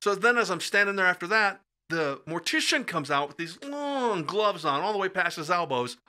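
A middle-aged Midwestern man guesting on a podcast speaks in a sing-song voice at a moderate pace. In a relaxed studio chat he tells funny stories, performing the quoted voices with big leaps in pitch and loudness.

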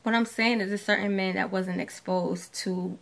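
A woman's voice: medium pitch, steady tone, moderate pace, vocal fry. Talkative New woman. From New York. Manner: talkative, explains her points at length and acts out other people's voices. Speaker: podcast co-host. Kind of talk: casual chat.

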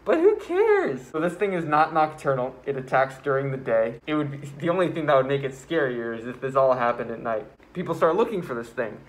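A man telling a story in a casual vlog, excitable and rambling, with self-mocking asides, while he builds a card house. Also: medium pitch, quick pace, few pauses. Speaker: vlogger.

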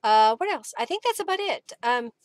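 A woman's voice: on the high side, sing-song, moderate pace, no echo. A woman hosting a live craft session, chatting casually and reading viewer comments aloud with frequent laughs. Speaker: craft livestream host.

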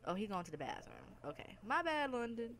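A woman's voice: on the high side, sing-song, brisk, a bit bright. A woman hosting a let's play, giving playful, chatty, teasing commentary over game chatter. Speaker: gaming channel host.

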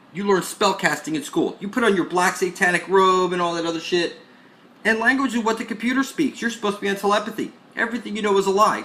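A man with a high-pitched voice hosts his own channel. He delivers a preachy rant that is aggressive and profane throughout. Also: pushed and bright. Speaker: channel host. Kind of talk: ranting monologue to camera.

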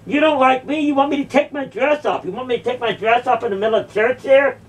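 A woman's voice: high-pitched, quick pace, distant mic. A woman delivering a confrontational, mocking monologue, sarcastically repeating phrases back. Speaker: video creator confronting a church.

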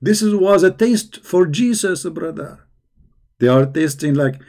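A man hosting a call-in debate show, talking in a sarcastic, teasing way with many halting fillers. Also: fairly high pitch, expressive, a little mellow. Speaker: host.

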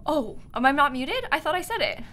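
Woman streamer, animated, very lively pitch. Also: a little fast, noisy background. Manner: animated, shrieks and laughs while playing. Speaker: streamer and host. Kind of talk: casual game chat with friends.

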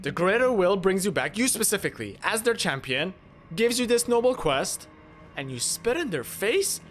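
A man's voice: high voice, very animated, normal speed. A man voicing a brash, self-doubting warrior in a comedic game role-play, talking to himself and trading cocky taunts with his foes. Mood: self-scolding. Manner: talks to himself, lurches between despair and cocky trash talk. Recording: loud game music behind the voice.

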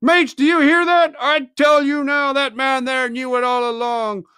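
A man voicing a furious young pirate mutineer in a storybook reading, shouting and sneering. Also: very high-pitched, little pitch movement, measured pace, dry recording, clean studio sound, pitched above the performer's own voice, full character voice.

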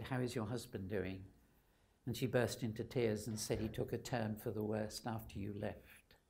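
A man's voice: mid-range voice, gravelly. An older man from England giving a personal testimony at a gathering, telling his story in an earnest, candid and reflective way. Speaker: speaker sharing testimony.

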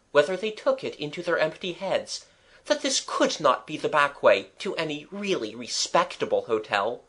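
A man narrating a children's audiobook chapter in a measured, expressive storytelling manner. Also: fairly high pitch.

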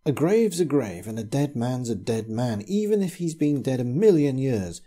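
A man reading the part of a frightened, feverish old male vicar who whispers furtively and breaks into quavering outbursts, with a husky voice. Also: a little slow, heavily acted. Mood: raging. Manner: hushed whispering turning to shrill outbursts.

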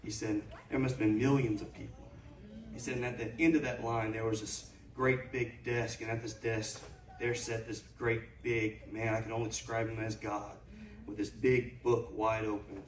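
A man telling a story in a sermon, building up to loud preaching. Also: lowish voice, little pitch movement, moderate pace, slight background noise. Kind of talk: sermon testimony. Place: church sanctuary. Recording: echoey church from far off.

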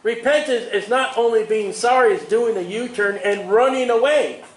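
A man preaching a sermon in an animated way, chuckling at his own asides. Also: very high voice, normal speed, echoey room, rough recording.

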